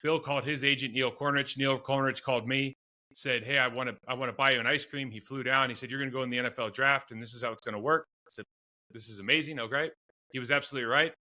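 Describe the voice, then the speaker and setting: A middle-aged man with a very bright, forceful voice tells rambling stories from his football days. He laughs at himself, restarts his sentences and wanders into asides as he goes. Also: medium pitch, fairly even intonation, quick pace. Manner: rambling, self-deprecating storyteller with many restarts. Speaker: guest, former pro football player. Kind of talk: storytelling in a podcast interview.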